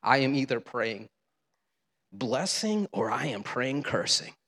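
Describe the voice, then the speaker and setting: A man's voice: mid-range voice, very animated, slow, a bit bright. A male pastor preaching a sermon in a conversational, humorous way in a church sanctuary. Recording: long reverb of a large hall.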